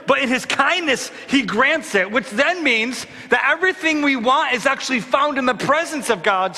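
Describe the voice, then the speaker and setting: High-voiced impassioned male pastor preaching. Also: bright, forceful tone, long reverb tail. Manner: impassioned preaching with rhetorical questions. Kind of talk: sermon. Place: church.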